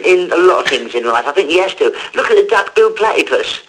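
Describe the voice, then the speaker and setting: A man with an unusually high, squeaky voice, chatting as a guest and telling animated stories. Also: fast talker, few pauses, slight background noise, rough recording. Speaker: guest comedian and voice actor. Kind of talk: casual anecdotal chat.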